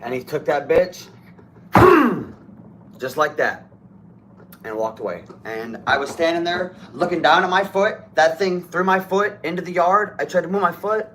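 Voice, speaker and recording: Profane, animated storytelling man. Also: a little high, normal speed, slight background noise. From Toledo, Ohio. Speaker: podcast co-host. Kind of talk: casual storytelling. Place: podcast studio.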